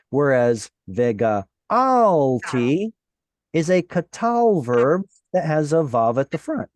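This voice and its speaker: A man's voice: medium pitch, a little mellow, no echo. A man teaching a Hebrew class online, walking students through words and patiently asking them questions.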